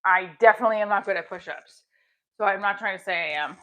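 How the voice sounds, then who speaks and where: A woman's voice: medium pitch, quick pace, bright, forceful tone. A middle-aged woman hosting a casual livestream, chatting while she exercises, with small effortful grunts. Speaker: livestream host.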